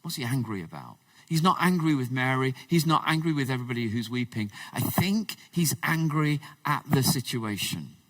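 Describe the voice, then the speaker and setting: A man preaching a conversational sermon, swinging between loud emphasis and hushed, low passages. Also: animated, moderate pace, no room sound, far from the mic. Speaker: pastor. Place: church.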